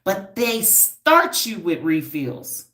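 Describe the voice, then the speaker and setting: Low-voiced, emphatic woman on a livestream. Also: big pitch swings, slow, a bit bright, reverberant. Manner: emphatic, preachy, repeats herself, talks straight to the audience. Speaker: livestream host, hair stylist and wellness coach. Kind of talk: casual livestream talk to viewers.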